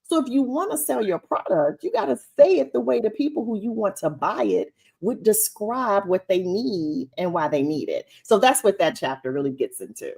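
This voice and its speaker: Woman co-host, chatty and animated, very lively voice, middle pitch, video call. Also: moderate pace, gravelly, hardly any pauses, breathy edge. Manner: animated, chatty, laughs often. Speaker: co-host and co-author. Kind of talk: casual chat on a livestream.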